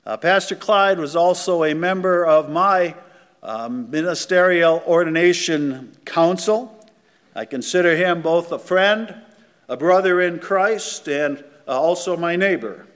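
A man's voice: a little high, fairly bright tone, smooth. Earnest man introducing a preacher in church. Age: older. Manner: earnest, halting, grateful. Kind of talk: formal introduction. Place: church sanctuary. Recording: long church reverb.

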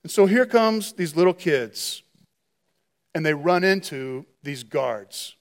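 A man preaching a sermon, telling the story in an animated way and often restarting his words. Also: fairly high pitch, slow. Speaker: pastor.

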